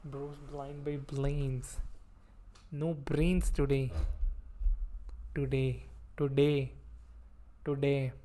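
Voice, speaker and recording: A man's voice: mid-range voice, flat delivery, very slow, long pauses, warm tone. A man streaming himself coding, thinking aloud as he reads code, with playful asides. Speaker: livestreamer learning web development. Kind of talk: casual coding livestream.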